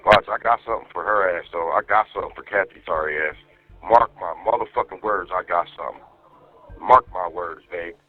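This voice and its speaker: A man's voice: lowish voice, dry recording. A man calling his wife from jail, venting in a heated, profane way. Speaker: inmate on a jail phone call. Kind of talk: phone call to his wife. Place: jail phone. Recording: tinny jail phone line, faint music.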